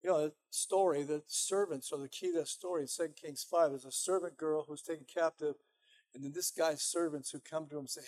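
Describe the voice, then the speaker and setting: Man, pastor, sermon, high voice, conversational, emphatic. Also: steady tone, fairly quick, darkish tone. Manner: conversational, emphatic, frequent "you know".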